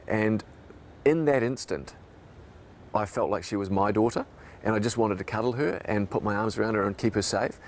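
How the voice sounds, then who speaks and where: Gravelly New man, reflective. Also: fairly low pitch, normal speed, a little hiss or hum. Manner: reflective, emotional storytelling. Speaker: radio broadcaster. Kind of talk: documentary interview recollection.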